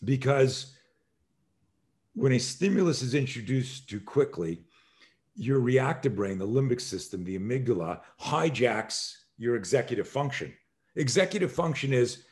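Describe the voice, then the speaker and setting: A man in his sixties, a self-defense instructor, telling stories in an energetic conversational way, acting out scenes with sudden shouted exclamations and frequent swearing. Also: medium pitch, measured pace. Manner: energetic, emphatic, rambling explanations. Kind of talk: animated conversational storytelling.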